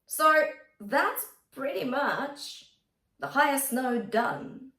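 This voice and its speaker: A woman vocal coach talks students through a pop song, her voice lively and swooping as she slips into high sung demonstrations. She coaches in an encouraging, instructive way, and the room around her adds a noticeable echo. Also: very slow, far from the mic. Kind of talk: singing lesson with sung demonstrations.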